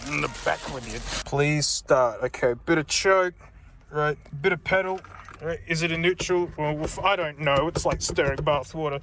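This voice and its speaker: A man's voice: a little high, normal speed. A man with an Australian accent chatting casually and coaxing his old car along as he works on it. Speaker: vlogger. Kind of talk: casual talk while working on an old car.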